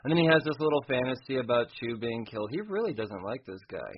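A man talks through a comic book chapter in a loose, profane way, laughing at bits as he goes. His voice sits at an ordinary middle pitch. The recording sounds dull and lo-fi. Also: expressive, fast, breathy edge. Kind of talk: casual recap chat.

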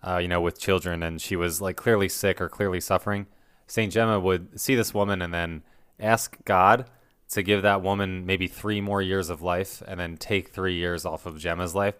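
A man co-hosting a podcast in casual chat, speaking haltingly with many fillers. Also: sits low, fairly even intonation, a bit bright, smooth, no echo, studio quality. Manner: hesitant, with fillers. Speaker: podcast co-host.

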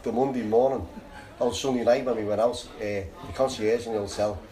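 A man's voice: mid-range voice, steady tone, fairly quick, mellow, poor audio. A man with a Liverpool accent telling a long rambling story, laughing and restarting as he goes. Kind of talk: casual anecdote. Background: crowd chatter.

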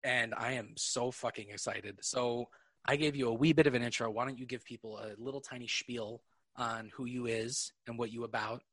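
A man hosting a podcast in casual chat, excitable and rambling, swearing freely. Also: medium pitch, normal speed, slightly rough, no room sound, studio quality. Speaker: podcast host.

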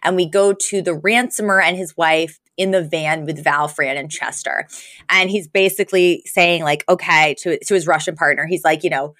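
A woman's voice: low voice, fairly even intonation, moderate pace, fairly bright tone, no room sound, clean studio sound. Giggly woman podcast co-host. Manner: giggly, rambling, lots of fillers. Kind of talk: casual chat recapping a sitcom episode.

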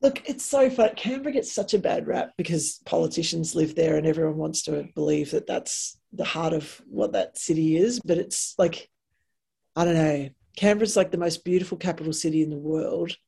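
An Australian woman, a podcast guest, telling lively stories in a casual way and acting out the quotes. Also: deep voice, moderate pace, gravelly, breathy edge. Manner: animated yarn-spinning, acts out quotes. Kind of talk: casual storytelling.

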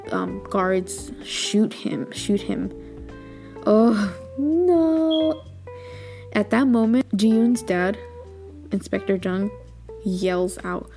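Woman, podcast host, casual recap, gravelly, mellow tone, faint guitar music behind. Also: medium pitch. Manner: chatty, animated, full of fillers and little outbursts.

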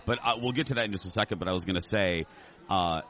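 Low-voiced male co-host, rambling and joking, recording in a restaurant. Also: fast, a bit bright. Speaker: podcast co-host. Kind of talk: casual chat. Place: themed restaurant.

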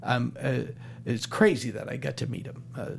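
A man in his fifties, a stand-up comedian, chatting as an interview guest in a halting way with many restarts. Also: mid-range voice, creaky, a little hiss or hum. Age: 50s. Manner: halting, full of restarts and fillers. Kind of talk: casual interview chat.

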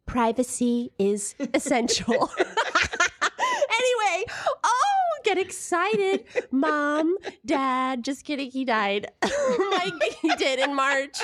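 A woman's voice: high-pitched, very animated, slow pace, fairly bright tone. A woman guest-hosting a live comedy podcast in an art space, bubbly and teasing, laughing often. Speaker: guest host.

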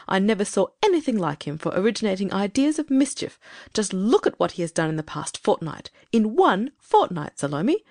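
A woman voicing a stern, irritable grown woman in an audiobook, speaking in a brisk, firm, scolding way. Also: mid-range voice, a little mellow, dry recording, clean studio sound. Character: stern, irritable grown woman who sets strict rules. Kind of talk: audiobook character reading.

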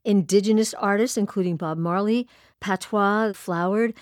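A woman hosting a radio interview, speaking clearly in a conversational, measured way. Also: mid-range voice, no room sound, studio quality. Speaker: radio host.

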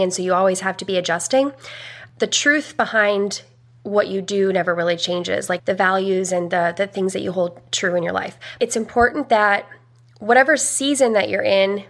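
A young woman, a vocal coach, talking earnestly in a podcast interview, with some fillers. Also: medium pitch.

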